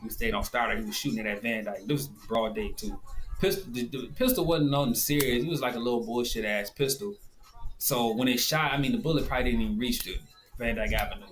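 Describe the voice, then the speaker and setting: A man's voice: lowish voice, steady tone, fast talker, fairly bright tone. A man with a Detroit accent telling a rambling, profane story and casually showing how something works. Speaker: video host. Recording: echoey room, faint background noise.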